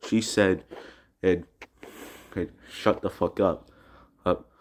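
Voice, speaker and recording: A teenage boy vents in an agitated personal vlog, his voice sitting very low. He often restarts his words and swears heavily as he goes. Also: fairly even intonation, takes it slowly, darkish tone. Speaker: student vlogger. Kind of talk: upset personal vlog rant.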